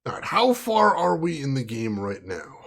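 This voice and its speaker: A man's voice: medium pitch, wildly swooping pitch, normal speed, a bit bright. A man playing through an old adventure game and chatting casually to viewers about it, amused by the jokes. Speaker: game streamer. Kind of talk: let's play commentary.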